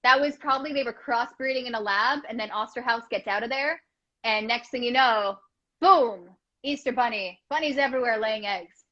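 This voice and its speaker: A woman with a fairly high voice co-hosts a relaxed podcast chat. She rambles and thinks aloud. Her voice comes through a muffled, lo-fi video call line. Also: fairly quick. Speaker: podcast co-host. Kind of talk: casual chat.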